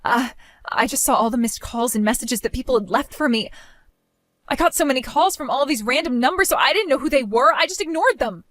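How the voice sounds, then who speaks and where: Actress playing a self-absorbed bride, high lively voice, whiny and demanding, dry close sound. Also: female voice, fairly quick, no echo. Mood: disbelieving. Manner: whiny, pleading, self-centered. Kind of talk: dramatized story voice acting.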